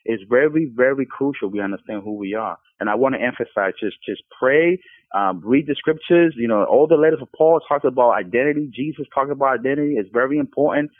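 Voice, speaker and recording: A man's voice: medium pitch, fast, no room sound. A man speaking as a podcast guest, giving an earnest Christian testimony with frequent stumbling restarts. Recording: tinny phone line.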